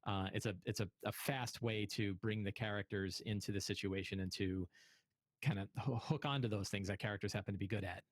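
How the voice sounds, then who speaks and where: A man game master explains earnestly on a panel, now and then repeating words as he goes. His voice sits fairly low. The recording is close and dry. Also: fairly even intonation, brisk, no echo. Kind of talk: casual panel discussion.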